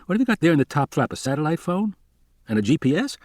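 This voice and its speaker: A man's voice: on the high side, very animated, fast talker, no echo, pitched above the performer's own voice. Narrator doing a friendly, placating male researcher, eager to explain, dry close sound. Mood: chatty. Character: chatty, placating male field biologist.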